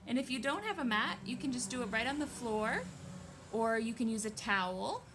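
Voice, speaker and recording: A woman reading a picture book aloud and leading young children through yoga poses, gentle and encouraging. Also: on the high side, animated, normal speed, roomy sound, distant mic, background noise. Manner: gentle, encouraging, sing-song teacher's voice.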